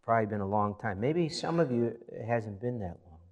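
A man's voice: fairly low pitch, animated, fairly quick, darkish tone, highs cut off. A man preaching a sermon as pastor, reading scripture aloud and building emphasis as he goes.

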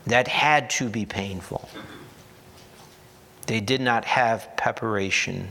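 A man preaching a sermon as pastor, earnest and deliberate, slipping in dry humorous asides. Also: fairly low pitch, creaky, bright, forceful tone. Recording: long hall reverb.

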